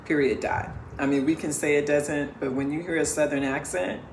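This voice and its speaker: A middle-aged woman co-hosting a family podcast, explaining things at length in a measured, emphatic way. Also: low-pitched, steady tone, darkish tone. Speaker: podcast co-host, parent. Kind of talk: casual family podcast chat. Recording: echoey room, faint background hiss.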